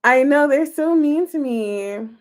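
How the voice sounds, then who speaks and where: Slow-talking, high-voiced woman chatting to her stream. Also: lively intonation. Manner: chatty and giggly, answering chat comments. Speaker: tarot reader live-streaming to chat. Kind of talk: casual live-stream chat.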